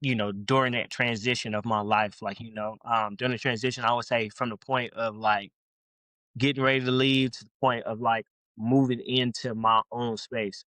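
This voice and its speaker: A man's voice: mid-range voice, fairly even intonation, normal speed, fairly bright tone, dry recording. A young man from Louisville, Kentucky, a guest rapper in a casual podcast interview, talking in a rambling, slangy, laid-back way.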